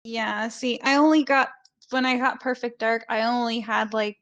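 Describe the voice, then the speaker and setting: A woman's voice: fairly high pitch, fairly even intonation, moderate pace, a bit bright, lo-fi sound. A woman guest chatting casually, hesitant and self-deprecating, with frequent giggles. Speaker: podcast guest. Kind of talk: casual chat.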